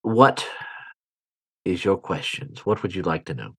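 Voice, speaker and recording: A man's voice: low-pitched, lively intonation, measured pace, pushed and bright, breathy edge, dry recording, full character voice. A man voicing a captured male cultist who gives grudging, evasive answers in a tabletop game.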